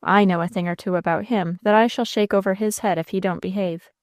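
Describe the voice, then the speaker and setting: A woman's voice: mid-range voice, steady tone, no echo, studio quality, close to an everyday voice. A woman voicing a folksy old sea captain. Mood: confidential. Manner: folksy rural dialect, drawn-out and confidential. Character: gruff, kindly old male sea captain.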